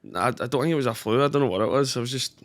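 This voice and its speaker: A man's voice: mid-range voice, animated, racing. A young Scottish man guesting on a podcast, easygoing and recovering from a cold, often saying "aye" and "mate". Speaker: guest streamer and musician. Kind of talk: casual chat.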